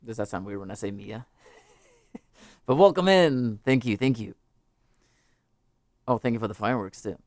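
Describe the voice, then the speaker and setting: A man's voice: on the low side, animated, normal speed, long pauses, darkish tone, dry recording, studio quality. A man hosting a live music stream, chatting casually with viewers, rambling and joking as he interrupts himself. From United States.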